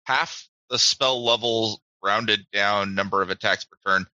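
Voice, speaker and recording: A man with a low but very bright voice thinks aloud while playing a tabletop game. His sound is dry, dull and lo-fi. He works step by step through sums of damage. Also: fairly even intonation, a little slow, no echo. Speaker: player.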